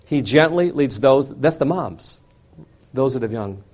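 A man preaching, telling a personal story in an animated way with wide swings between loud and quiet. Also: mid-range voice, unhurried. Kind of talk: sermon storytelling.

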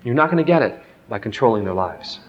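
A man's voice: mid-range voice, expressive, fast talker, slight background noise. Folksy preaching man in an echoey hall. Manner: candid, folksy storytelling addressed to a crowd. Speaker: family seminar speaker. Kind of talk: conversational sermon with personal stories. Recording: echoey hall, dull lo-fi sound.

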